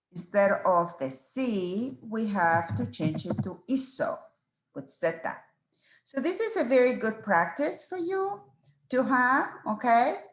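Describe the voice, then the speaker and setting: A woman's voice: fairly high pitch, reverberant, slight background noise. A woman teaching a Spanish exam review, patiently spelling out verb forms one at a time and checking in with students.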